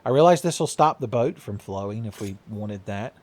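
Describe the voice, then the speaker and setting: A man's voice: lowish voice, animated, moderate pace, slight background noise. A man giving joking, profane let's-play commentary while he plays, with a lot of laughter. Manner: joking, swearing, frequent laughs. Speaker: gaming video host.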